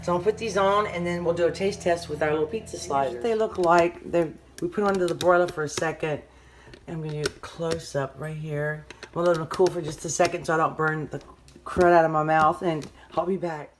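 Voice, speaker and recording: A woman's voice: fairly low pitch, fairly even intonation, a little fast, noisy background. A woman, hosting a casual home cooking vlog and chatting through each step in her kitchen. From Southern United States.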